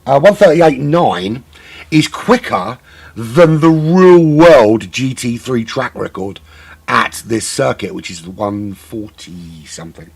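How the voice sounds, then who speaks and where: A man's voice: mid-range voice, vocal fry, husky. A middle-aged man doing live sim racing commentary, rambling and joking at his own expense to fill the time. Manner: rambling, self-mocking waffle. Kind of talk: live race broadcast commentary, filling time.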